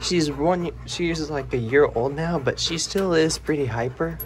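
A man's voice: a little high, normal speed, hardly any pauses, a little hiss or hum. A young man casually vlogging in a friendly, rambling way with lots of fillers, talking into an action camera he wears while outdoors at his grandparents' house. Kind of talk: casual vlog chat. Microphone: action camera worn on body.

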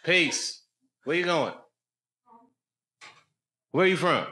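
A man's voice: a little high, expressive, drawn-out words. A man doing stand-up, chatting and joking casually with the audience in a comedy club after a show. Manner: teasing, joking, playful banter. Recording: noisy club recording.

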